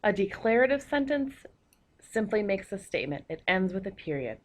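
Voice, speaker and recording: A woman's voice: medium pitch, very animated, moderate pace. A woman teacher giving a recorded grammar lesson, explaining patiently with a few fillers.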